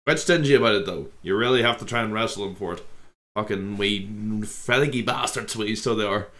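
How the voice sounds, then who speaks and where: A man's voice: fairly low pitch, a little fast, a bit bright. A man from Ireland with an Irish accent, hosting a casual reaction video, chatty and full of swearing and laughter.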